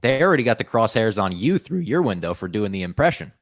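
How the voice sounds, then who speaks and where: A man's voice: on the low side, big pitch swings, fast talker, dry recording, studio quality. A man hosting a podcast in casual chat, making wry, offhand remarks. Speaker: podcast host.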